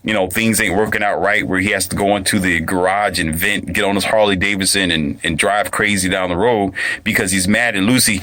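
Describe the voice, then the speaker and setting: A man's voice: sits low, fairly even intonation, brisk, bright, forceful tone. A man delivering an emphatic, repetitive ranting monologue as a commentator. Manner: emphatic, repetitive, restarts phrases.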